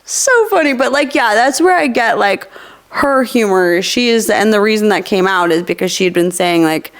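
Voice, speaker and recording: Young woman podcast host, lively swooping pitch, laughs through her stories. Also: moderate pace. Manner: animated storytelling with frequent laughter. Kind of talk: casual chat.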